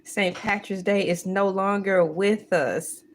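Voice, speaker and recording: A woman hosts a casual morning livestream, chatting to her viewers in a playful, joking way. She talks slowly and unhurriedly, at a mid pitch for a woman. A faint ambient hum sits behind her voice. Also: steady tone. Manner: slow, playful, breaks into sung bits and laughter. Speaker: livestream host.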